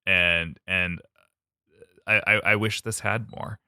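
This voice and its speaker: A man's voice: sits low, steady tone, takes it slowly, bright, forceful tone, clear, resonant tone, no room sound, clean studio sound. A man from the United States co-hosting a podcast in casual chat, rambling with many fillers and laughing often. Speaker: podcast co-host.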